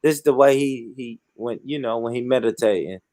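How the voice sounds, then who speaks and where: A man hosting a casual online panel chat, animated and slangy, often repeating himself. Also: medium pitch, brisk, dry recording, studio quality. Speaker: panel host.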